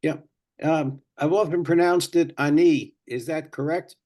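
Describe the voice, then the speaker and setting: A man's voice: a little high, unhurried, mellow. Man student asking in class. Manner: asks questions plainly.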